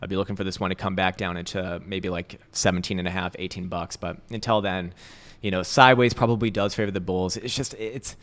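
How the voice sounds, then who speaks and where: A man's voice: low voice, steady tone, brisk, fairly bright tone. A man hosting a crypto trading livestream, talking in a loose, casual way with profane, laughing asides.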